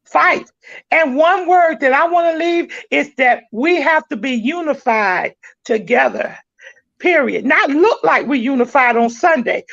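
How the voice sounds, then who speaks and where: A woman's voice: high-pitched, gravelly, fairly bright tone, no echo, dull audio. A woman host wrapping up a talk show, speaking emphatically and leading her guests in call-and-response chants like a preacher. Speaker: podcast host.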